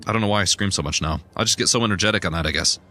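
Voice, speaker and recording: A young man chatting casually while he plays a video game, self-deprecating and given to sudden excited yelps. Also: low-pitched, very fast, a little hiss or hum. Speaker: gaming streamer. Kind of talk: casual rambling gameplay commentary.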